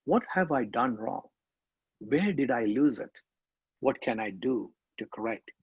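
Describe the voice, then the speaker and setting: A man's voice: medium pitch, lively intonation, a little slow, breathy edge, dry recording, narrow, tinny audio. A man speaking to parents in a church talk, emphatic, repeating and stressing his key words.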